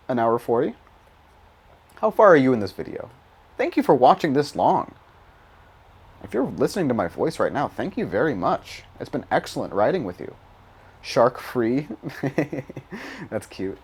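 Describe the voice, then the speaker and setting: A man's voice: mid-range voice, sing-song, moderate pace, long pauses, darkish tone, breathy edge. Rambling, profane young man. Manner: rambling, profane, self-mocking, laughs often. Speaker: gaming YouTuber. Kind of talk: casual gameplay commentary.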